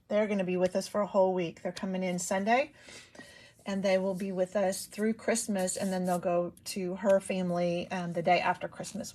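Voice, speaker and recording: A woman hosts a casual live craft demonstration, talking in a loose, rambling way full of ums. She is still shaking off a cold and a cough. Her voice sits at an ordinary middle pitch. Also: a little mellow. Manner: chatty, rambling, many ums. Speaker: papercraft demonstrator.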